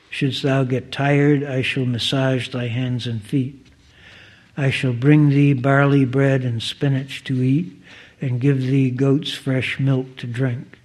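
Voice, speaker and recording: A man's voice: medium pitch, darkish tone. A man reading the lines of a humble young shepherd boy, in earnest, old-fashioned speech.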